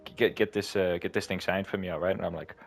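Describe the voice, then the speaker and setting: A man's voice: sits low, steady tone, fast talker, vocal fry, faint music behind. A young man telling rambling joke stories in casual chat with friends, full of fillers. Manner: rambling, filler-heavy storytelling with laughs.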